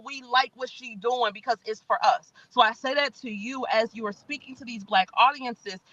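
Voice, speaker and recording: Bright-voiced, emphatic woman. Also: fairly high pitch, no room sound, lo-fi sound. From Chicago, US. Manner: animated, folksy, emphatic. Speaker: guest. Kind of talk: conversational interview. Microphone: podcast mic.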